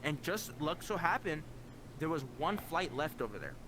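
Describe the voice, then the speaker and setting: A man's voice: a little high, very animated, normal speed. Earnest young man over a noisy line. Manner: earnest, heavy use of "like" fillers, voice jumps up when quoting himself. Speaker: guest. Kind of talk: casual personal storytelling.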